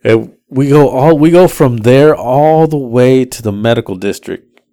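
A mid-pitched man, chatting casually as a podcast co-host. He tells a rideshare story with animated delivery, popping into higher voices for his passengers. The sound is dry and close. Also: measured pace, no room sound. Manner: animated, acts out passengers' lines in raised voices.

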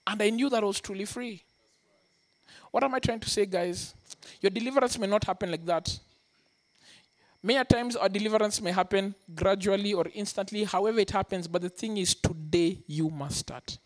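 A man preaching a sermon, telling his own story with lively acted-out quotes. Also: high-pitched, normal speed. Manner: animated storytelling, acting out quotes. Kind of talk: sermon testimony.

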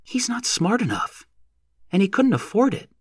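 A man's voice: high voice, sing-song, moderate pace, husky, no room sound, studio quality, voice pushed up, exaggerated voice. A man voicing a clever, impish young woman who talks in a provocative, knowing way. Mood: teasing.

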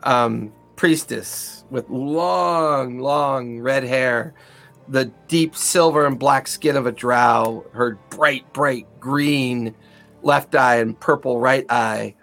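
Slow, gravelly game master man. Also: medium pitch, fairly bright tone, soft background music. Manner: rambling, full of ums and likes. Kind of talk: narrating a tabletop game.

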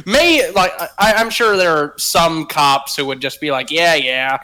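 Bright-voiced young man telling stories. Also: a little high, a little slow. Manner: profane, storytelling. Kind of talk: casual podcast chat.

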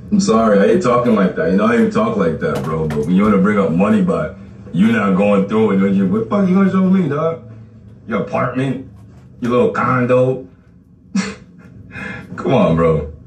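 A man's voice: fairly low pitch, distant mic. A man ranting casually on a livestream, boasting, mocking and swearing, often breaking into laughter. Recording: roomy sound from off the mic.

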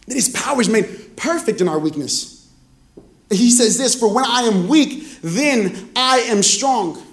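A man's voice: extremely high pitch, expressive, a little slow. A man preaching a sermon as pastor, telling funny stories and acting out quoted lines. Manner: humorous storytelling, acts out quoted dialogue. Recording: roomy echoey room.

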